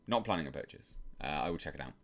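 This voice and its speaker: A man with an English accent hosting a live stream, reading chat questions and answering in a measured, soft-spoken way with many fillers. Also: rumbling low, animated.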